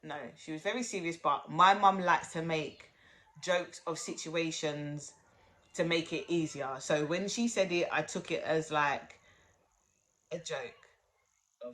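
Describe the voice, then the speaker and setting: A woman's voice: low-pitched, measured pace, fairly bright tone. A woman telling a personal story on her vlog, blunt and chatty, swearing freely and talking straight to her viewers. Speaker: vlogger.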